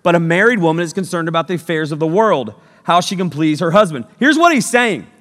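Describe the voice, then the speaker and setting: A man in his thirties preaching with energy and humor, his fairly high voice jumping from loud bursts to near-whispers. He plays to the room with quick jokes. The sound carries the long reverb of a large hall. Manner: energetic, jokey, swings between loud and hushed. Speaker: youth pastor. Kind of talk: sermon.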